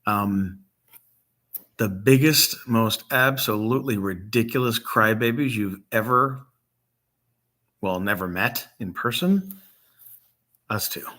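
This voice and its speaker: A middle-aged man from Michigan talks unscripted to the camera in a fairly low, bright, tense voice. He is emotional and close to tears, halting often with ums as his voice catches. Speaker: grieving father and vlog host. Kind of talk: unscripted casual talk to camera.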